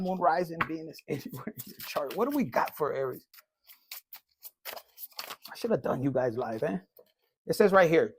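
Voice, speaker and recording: Husky, profane male tarot reader. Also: high-pitched, no echo. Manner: blunt, profane and joking, mixing in Spanish slang; reads card messages aloud slowly. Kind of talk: casual collective tarot reading.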